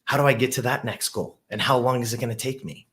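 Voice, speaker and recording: Talking quickly, a middle-aged gym owner and host delivers a motivational story to camera. His energy surges with excitement before he drops low for reflection.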